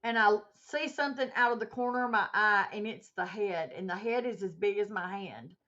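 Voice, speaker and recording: A woman's voice: medium pitch, brisk, bright, forceful tone. A woman hosting a casual livestream, telling a story with animation and reading out chat comments as she goes. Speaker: livestream host. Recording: muffled lo-fi stream audio.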